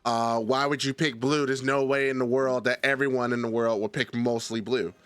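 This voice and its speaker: A man's voice: medium pitch, fairly even intonation, moderate pace, a bit bright, smooth, soft background music. A man streaming live, chatting casually and arguing a point with his chat, addressing viewers by name.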